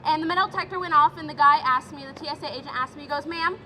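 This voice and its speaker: A woman's voice: high voice, racing, sharp tone, big-room sound, a little hiss or hum. A woman giving shaken, indignant personal testimony outdoors at a rally. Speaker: rally speaker sharing a personal account.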